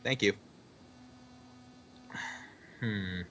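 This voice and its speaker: A man's voice: on the low side, extremely slow, bright, forceful tone, a little hiss or hum. A man playing a tabletop game, planning his character's move in a dry, thoughtful way. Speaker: player. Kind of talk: casual tabletop game chat.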